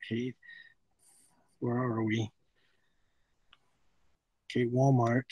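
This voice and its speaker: A middle-aged man talking in a halting, rambling way with nervous laughter. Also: mid-range voice, little pitch movement, darkish tone, husky, no echo, rough recording. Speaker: confronted man. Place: parked car outside a fast-food restaurant.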